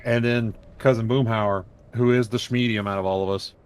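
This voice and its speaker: A man telling stories in a loose, rambling way, swearing freely and leaning on fillers. His voice sits at an ordinary pitch. He jumps between acted-out bits and plain narration. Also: steady tone, moderate pace, clear, resonant tone. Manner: profane, rambling storyteller who acts out quotes. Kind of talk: casual chat.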